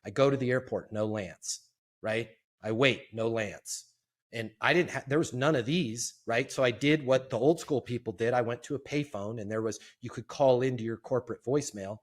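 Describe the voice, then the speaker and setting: A middle-aged man and sales trainer telling a lively, self-deprecating story as a guest in an interview. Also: medium pitch, moderate pace.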